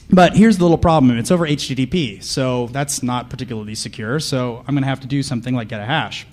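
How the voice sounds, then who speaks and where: A man's voice: mid-range voice, darkish tone. Sarcastic man riffing to a crowd. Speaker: conference panelist. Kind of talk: comedic live talk to an audience.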